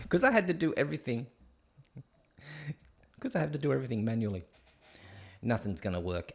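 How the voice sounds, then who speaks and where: A man's voice: medium pitch, expressive, moderate pace, creaky, long pauses. A man hosting a live stream show. He rants with sarcasm and talks straight to his viewers. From Australia. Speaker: host. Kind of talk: opinionated live-stream commentary.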